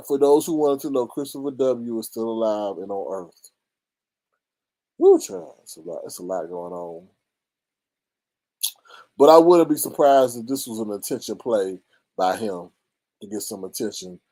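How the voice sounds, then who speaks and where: A man hosting a live stream, gossiping about online drama in a sassy, animated way with sudden high exclamations. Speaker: live-stream commentary host.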